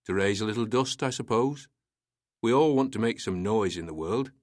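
A man doing a young officer, hesitant and stammering, higher pitch, dry sound. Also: lively intonation, moderate pace, darkish tone, no room sound, natural voice. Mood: weary. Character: young anxious male English officer.

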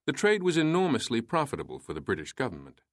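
A man reading a story aloud in a measured, steady way. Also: mid-range voice, dry recording, clean studio sound. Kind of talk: storytelling narration.

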